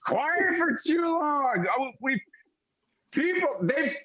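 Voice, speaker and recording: A man voicing a drunk, paranoid old male islander who rants in a drawn-out, slurred way. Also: very high voice, sing-song, pushed and bright, muffled recording, voice pushed up, exaggerated voice. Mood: ranting.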